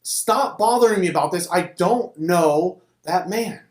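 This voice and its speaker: A man's voice: high-pitched, animated, a little slow, voice pushed up. A man doing a flustered, frightened disciple. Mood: panicked. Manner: flustered, defensive. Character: frightened male disciple denying everything. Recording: roomy echo.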